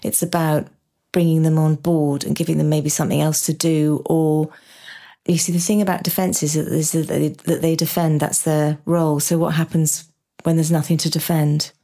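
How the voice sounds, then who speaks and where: A woman's voice: low-pitched, flat delivery, normal speed, dark tone. A woman hosting a podcast, chatty and self-deprecating, acting out her own inner voice as she tells stories. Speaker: podcast host. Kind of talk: conversational podcast interview.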